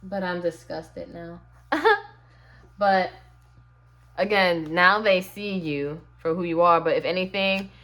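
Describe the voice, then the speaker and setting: Brief: lower-voiced woman, casual tarot reader, chatty and sassy, addresses the viewer directly. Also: fairly even intonation, measured pace, a bit bright. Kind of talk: casual tarot reading to camera.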